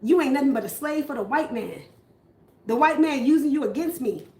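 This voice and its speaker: A woman's voice: mid-range voice, moderate pace, a little mellow, close to an everyday voice. Woman putting on a controlling, abusive man. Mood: ranting, furious. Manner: profane, blaming, self-pitying rants. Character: controlling abusive man, grown partner, manipulative. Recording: roomy echo.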